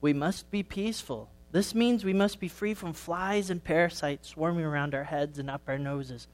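A man voicing the oldest ewe of the flock, a kind and wise grandmother sheep, explaining things gently and patiently in a storybook. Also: fairly high pitch, normal speed, close to an everyday voice.

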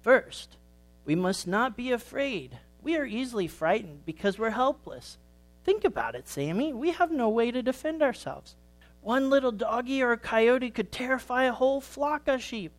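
A man voicing the oldest ewe of the flock, a kind and wise grandmother sheep, explaining things gently and patiently in a storybook. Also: extremely high pitch, animated, normal speed, faint music behind, pitched above the performer's own voice. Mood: teaching.

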